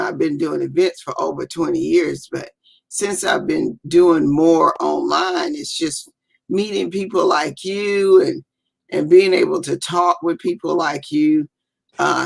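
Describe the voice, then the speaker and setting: A woman coach, a guest on a video call, speaking warmly and haltingly and often repeating herself. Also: low voice, creaky, husky. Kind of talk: casual interview.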